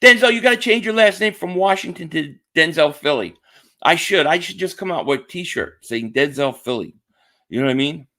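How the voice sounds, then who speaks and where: Chatty high-voiced man streaming sports talk. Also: animated, fairly quick, pushed and bright. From Philadelphia area. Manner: chatty, repeats himself, reads chat names aloud. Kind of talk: casual live-stream chat.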